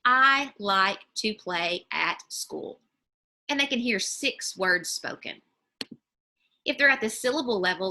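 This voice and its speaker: A woman teacher explaining reading skills to parents in a patient, step-by-step way, slowing down on example words, recorded on a computer mic while sharing her screen. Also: medium pitch, sharp tone. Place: home or office, screen-shared video.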